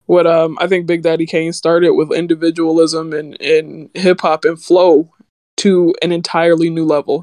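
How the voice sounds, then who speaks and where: Animated high-voiced man in casual chat. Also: no echo, studio quality. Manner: animated, swears freely, acts out quotes in a higher voice. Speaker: podcast co-host.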